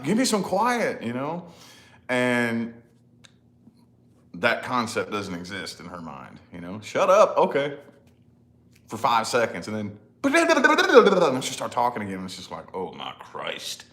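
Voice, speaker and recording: A vlogger and father in his thirties chats casually to camera in a voice on the low side with a fairly bright tone. He rambles, laughs at himself, and says "you know?" a lot.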